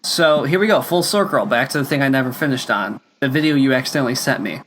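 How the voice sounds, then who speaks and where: A man's voice: medium pitch, expressive, fast talker, fairly bright tone, slight background noise. A young man hosting a casual podcast chat, rambling with lots of fillers and restarts. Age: young adult. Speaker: podcast host.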